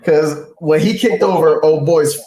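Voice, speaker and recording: A man's voice: fairly high pitch, unhurried, warm tone. Laughing man in an echoey room. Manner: laughing, slangy, emphatic. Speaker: podcast co-host. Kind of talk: casual chat.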